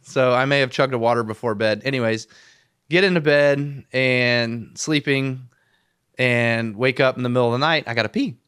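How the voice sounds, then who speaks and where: A middle-aged man chatting on a podcast, voice at a typical pitch for a man. He tells stories with energy and acts out his own lines. The sound is close and dry with no room echo. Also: steady tone, normal speed, fairly bright tone, clear, resonant tone. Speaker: podcast guest. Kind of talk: casual chat.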